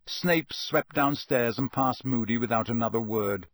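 A man giving scripted audiobook narration in a measured, steady storytelling delivery. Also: mid-range voice, no room sound.

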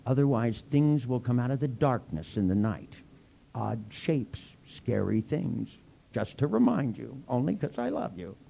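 Gravelly lively man leading a workshop. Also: medium pitch, normal speed, few pauses, dull audio, slight background noise. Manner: playful, teasing with mock threats. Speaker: workshop leader. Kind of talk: live workshop teaching.

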